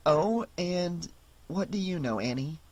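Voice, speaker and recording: A narrator voicing a shy, sensible teenage girl babysitting, in a gentle, slightly anxious voice. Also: medium pitch, expressive, measured pace, no room sound. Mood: embarrassed.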